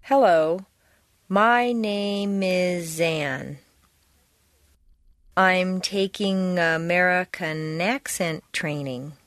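A woman reading pronunciation drills slowly, drawing out and linking her words for learners to repeat. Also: on the low side, no echo, clean studio sound. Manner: drawn-out, deliberately linked words. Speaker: pronunciation instructor. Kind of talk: slow, exaggerated drill reading.

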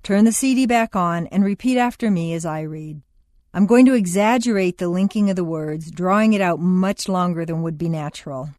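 A woman instructor reading scripted exercise instructions for an accent course in a clear, measured way. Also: lowish voice, a little mellow, no room sound, studio quality. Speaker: pronunciation instructor.

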